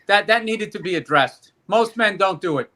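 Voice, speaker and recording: Bright sharp-voiced guy joking around, swearing, podcast co-host. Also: sits high, lively intonation, normal speed. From United States. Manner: joking, heated ranting, swearing. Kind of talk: casual chat.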